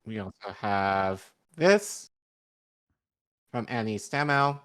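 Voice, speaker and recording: Low-voiced man reading news, halting. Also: lively intonation, fairly bright tone. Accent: Boston. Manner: halting, many ums and self-corrections. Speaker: podcast co-host. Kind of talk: reading a news article aloud with commentary.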